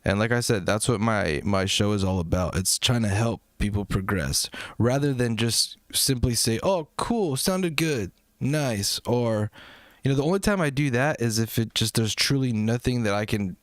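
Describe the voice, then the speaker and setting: A man's voice: fairly low pitch, normal speed, dry recording, studio quality. A man hosting a live music review stream, talking casually and rambling to his chat, with frequent swearing. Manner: rambling, profane, self-deprecating, chatty with viewers. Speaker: music review livestream host.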